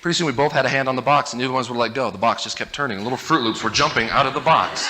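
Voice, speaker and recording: Man, bright forceful voice, comic storyteller at a live talk, animated delivery. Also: medium pitch, very fast, few pauses, a little hiss or hum. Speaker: motivational speaker. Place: stage before a live audience.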